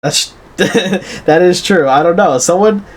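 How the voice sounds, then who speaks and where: A man's voice: high-pitched, takes it slowly, rough recording. Giggly young man on a podcast. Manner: laughing, rambling, jokey. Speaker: podcast co-host. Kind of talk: casual chat.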